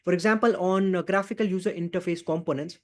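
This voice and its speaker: Speaking quickly in a high voice with fairly even intonation, a man leads a live online programming class. Nearly every line ends in "right?" or "okay?", and he answers his own questions. His delivery is full of fillers and repeated key phrases.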